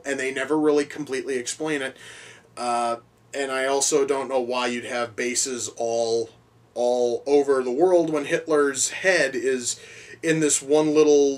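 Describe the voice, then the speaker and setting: A man's voice: medium pitch, distant mic. A man giving a casual spoken film review, rambling with frequent restarts, repeated words and swearing. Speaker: movie reviewer.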